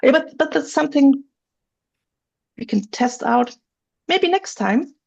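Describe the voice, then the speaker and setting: A woman's voice: sits high, lively intonation, a little slow, vocal fry, darkish tone. A woman instructor leading a live online workshop, chatty and thinking aloud, laughing easily. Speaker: writing software instructor. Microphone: video call. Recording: dull lo-fi video call audio.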